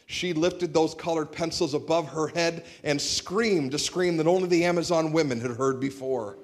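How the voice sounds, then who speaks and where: A man preaching a sermon in a church, conversational and humorous, telling stories on a shared microphone. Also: a little high. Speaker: pastor. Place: church sanctuary.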